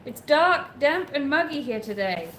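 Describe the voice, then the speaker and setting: A woman's voice: high-pitched, sing-song, unhurried, a bit bright. A woman from the UK co-hosting a travel live stream, easygoing and reading out viewer comments. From United Kingdom. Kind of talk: casual chat. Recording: echoey room, faint background noise.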